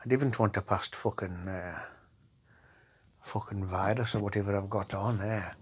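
Sounding slightly rough, with a lowish voice, moderate pace and fairly even intonation, a Cumbrian man nursing a cold rambles crudely as a comedy podcast host. He swears, leans hard on dialect and keeps drifting off into mutters.

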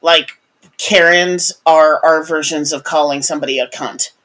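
A woman's voice: sits low, fairly even intonation, moderate pace, fairly bright tone. A woman from the United States co-hosting a podcast in casual chat, laughing often and talking expressively. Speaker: podcast co-host.

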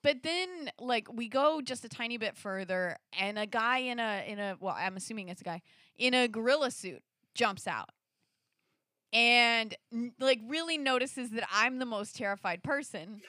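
A woman tells a personal story in a bright, forceful voice that sits a little high. She talks animatedly, packing in fillers and restarts. The sound is close and dry. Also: expressive, normal speed, no echo. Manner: acts out quoted lines, rising into shrieks. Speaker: storyteller in a conversation. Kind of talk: casual personal anecdote.

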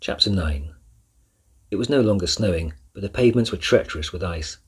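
A man narrating a children's novel chapter by chapter in a measured, steady reading. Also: low-pitched, slightly rough. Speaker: audiobook narrator. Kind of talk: scripted storybook narration.

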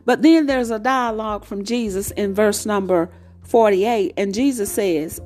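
A woman's voice: medium pitch, measured pace, darkish tone, soft background music. A woman preacher delivering a sermon with a repetitive, emphatic cadence.

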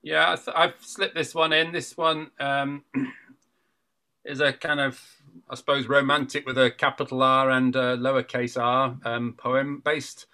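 A man's voice: medium pitch, flat delivery, measured pace, pushed and bright. A man with a Mancunian accent, a teacher and performance poet, reading his rhyming poems aloud in a rhythmic way. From Northern England. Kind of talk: poetry reading.

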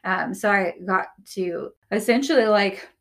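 A woman talks as a podcast guest, telling a personal story in a candid, conversational way. Her speech is loose and filled with "like" as she goes, at an everyday mid pitch. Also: unhurried. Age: young adult or older.

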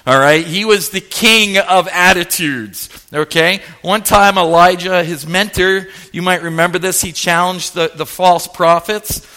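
A male pastor preaching a sermon, telling a story with jokes and animated energy. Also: sits high, a little slow, hardly any pauses.

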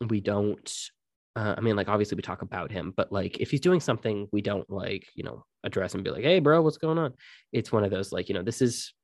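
A young man co-hosting a podcast, casually telling ghost stories and swearing freely in relaxed chat. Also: lowish voice, fast, no echo, studio quality. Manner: relaxed, swears freely, quotes others in his own voice. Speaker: podcast co-host.

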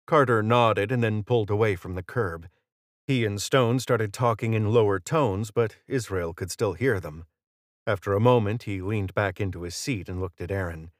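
A man narrates an audiobook in a steady, even storytelling manner. His voice sits on the low side. The recording is close and dry, with no room sound. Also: normal speed, dry recording.

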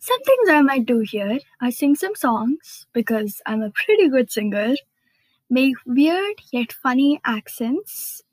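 A woman's voice: sits high, sing-song, takes it slowly, dry recording, rough recording. A woman hosting her own podcast in a chatty, bubbly way, with frequent fillers and little laughs at herself. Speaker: podcast host. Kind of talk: casual solo podcast chat.

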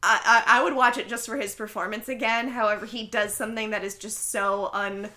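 A woman chats casually with friends, her voice bright and slightly high. She tells stories in a quick, animated rush, full of fillers and restarts. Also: slight background noise. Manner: animated, fast storytelling with frequent laughs and fillers. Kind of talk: casual chat among friends.

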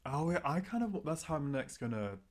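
A man's voice: fairly high pitch, sing-song, a little fast. A man co-hosting a podcast in casual chat, giggly and rambling. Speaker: podcast co-host.

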